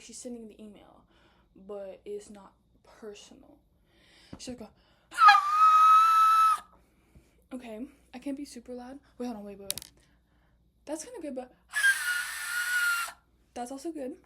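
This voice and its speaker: A woman's voice: on the high side, noisy background. A young woman casually talking through her film script idea late at night, often whispering and full of filler words. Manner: whispering, then bursting into loud asides. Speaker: student pitching a film script. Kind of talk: casual chat.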